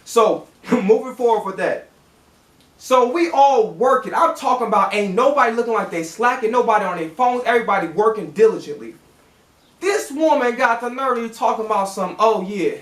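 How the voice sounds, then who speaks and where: A man's voice: extremely high pitch, lively intonation, normal speed, a bit bright. A man telling a casual storytime in a heated, profane rant that acts out both sides of an argument. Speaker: storytime vlogger. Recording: roomy echo.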